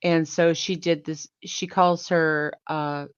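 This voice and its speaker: A woman's voice: low-pitched, little pitch movement, slow, clean tone, dry recording, muffled recording. A woman guest on a livestream, telling a rambling story and searching for names as she goes. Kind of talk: casual chat.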